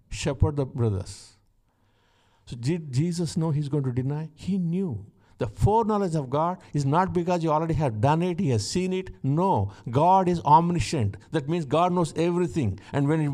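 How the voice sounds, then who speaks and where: A man's voice: fairly high pitch, normal speed, mellow. A man preaching a sermon, emphatic, repeating his key lines and asking the congregation questions as he explains scripture.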